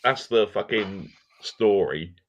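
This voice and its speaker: Low-pitched sweary man bantering. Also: lively intonation, slow pace. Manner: sweary, laughing, mock-serious storytelling. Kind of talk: crude casual banter.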